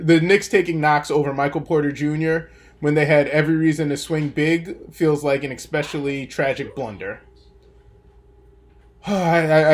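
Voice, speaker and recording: A young man hosting a podcast, talking sports in a casual, opinionated, rambling way with plenty of fillers. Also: a little high. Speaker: podcast host. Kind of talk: casual sports commentary monologue.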